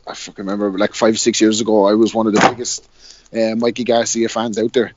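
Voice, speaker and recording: A man's voice: fairly low pitch, flat delivery, fast talker, noisy background. A man with a Wexford Irish accent, a podcast panelist in casual, profane, jokey banter. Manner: profane, jokey, laid-back. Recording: muffled online call audio.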